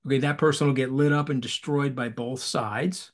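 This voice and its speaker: A man talking as a guest in an animated interview over a video call, emphatic and rhetorical, repeating phrases for effect. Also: mid-range voice, moderate pace.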